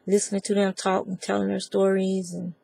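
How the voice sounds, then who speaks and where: A woman's voice: mid-range voice, flat delivery, a little fast, gravelly, warm tone, a little hiss or hum. A woman with a Southern US accent giving a chatty, rambling crochet tutorial and talking straight to her viewers. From American South. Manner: chatty, digressive, talks to viewers as y'all. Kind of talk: casual crafting tutorial.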